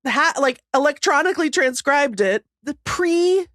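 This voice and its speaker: A woman's voice: high-pitched, lively intonation, measured pace, fairly bright tone, dry recording, studio quality. A woman co-hosting a casual podcast, talking in a rambling, self-deprecating way and often laughing. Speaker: podcast co-host. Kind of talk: casual chat.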